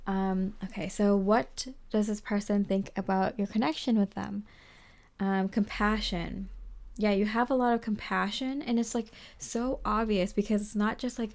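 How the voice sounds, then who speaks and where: A woman giving a tarot reading to the viewer, gentle and reassuring, rambling with lots of fillers. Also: mid-range voice. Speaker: tarot reader. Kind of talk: casual spoken tarot reading.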